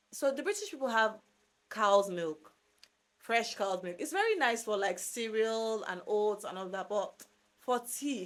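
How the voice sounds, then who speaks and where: A young adult woman from Nigeria with a Nigerian accent, giving animated, emphatic advice in a casual vlog monologue. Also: medium pitch. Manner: animated, emphatic, repeats words for stress. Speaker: vlogger.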